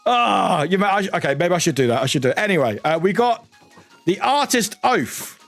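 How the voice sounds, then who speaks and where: Man, streamer, giggly, trips over words, lively pitch, soft game music behind. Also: a little fast, gravelly. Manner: giggly, stumbles over words and restarts readings. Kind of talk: casual let's-play commentary, reading in-game text aloud.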